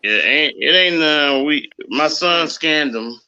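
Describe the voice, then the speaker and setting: A man chatting casually on a livestream, easygoing and halting as he searches for words. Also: a little high, bright, forceful tone, smooth, lo-fi sound. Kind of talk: casual chat.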